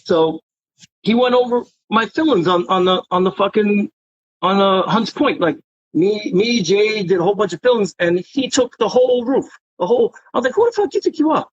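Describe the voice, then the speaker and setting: A man's voice: high voice, normal speed, breathy edge, no echo. A man telling rambling, profane stories as an interview guest. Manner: profane, rambling, animated storyteller. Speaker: interview guest, graffiti writer. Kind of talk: casual storytelling interview. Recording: dry, dull lo-fi sound.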